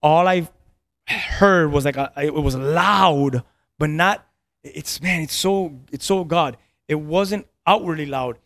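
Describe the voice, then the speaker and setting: A man's voice: a little high, slow pace, a bit bright, no room sound. A man in his thirties, a pastor, telling a personal story on a podcast in an earnest way, often repeating his words. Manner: earnest, repeats words, laughs between lines.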